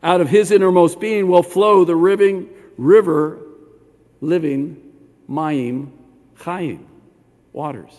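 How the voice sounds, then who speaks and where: An older man, a rabbi preaching a sermon in a synagogue, animated and talking straight to the congregation with questions. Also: fairly high pitch, slow pace, pauses often. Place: synagogue sanctuary. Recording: long hall reverb.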